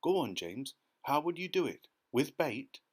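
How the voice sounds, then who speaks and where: A man doing a gentle, motherly ladybird. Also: a little high, very animated, a little slow, husky, voice pushed up, heavily acted. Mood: coaxing. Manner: gentle, coaxing. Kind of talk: audiobook character reading.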